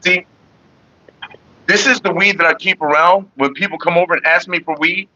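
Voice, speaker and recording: A man's voice: sits high, steady tone, moderate pace, pushed and bright, dry recording, dull audio. A man from California hosting a casual livestream, chatting loosely and profanely and greeting viewers by name. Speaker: livestream host.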